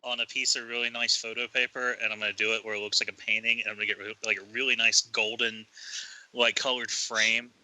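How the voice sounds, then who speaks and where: Fast-talking joking man on a podcast. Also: lowish voice, flat delivery, bright, forceful tone, no room sound, poor audio. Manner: quick, joking. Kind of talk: casual podcast chat.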